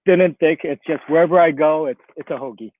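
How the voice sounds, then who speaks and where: A man's voice: fairly high pitch, fairly quick, dry recording. Man from Philly on a tinny call line. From Philadelphia. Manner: relaxed, chatty, laughs often. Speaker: guest. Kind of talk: casual chat. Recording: tinny phone-like line, dry.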